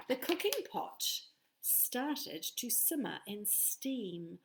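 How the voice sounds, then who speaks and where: Slow, gravelly woman reading to children. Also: a little high, sing-song, noisy background. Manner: playful, asks children to join in. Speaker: storyteller. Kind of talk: reading a picture book aloud to children.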